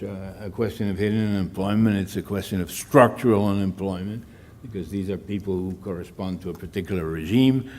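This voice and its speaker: A man speaking as a panelist in a conference room, answering questions in a measured, academic way with frequent pauses. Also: low voice, a little mellow, slight background noise.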